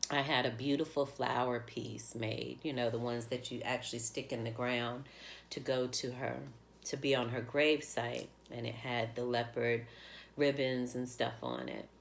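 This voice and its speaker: A woman's voice: a bass voice, normal speed, creaky, a little hiss or hum. A woman vlogger telling an emotional personal story, heartfelt and rambling, close to tears. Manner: heartfelt, rambling, with many fillers.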